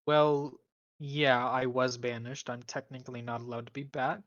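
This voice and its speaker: Very deep woman's voice, bright tone, slow, slightly dull recording. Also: level tone, dry recording. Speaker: player. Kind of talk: playing a tabletop game.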